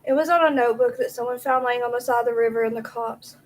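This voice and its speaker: A woman's voice: a little high, steady tone, fast, low-quality recording. A woman, hosting a casual livestream, chatty and reacting aloud to viewer comments, a little out of breath. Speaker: livestream host.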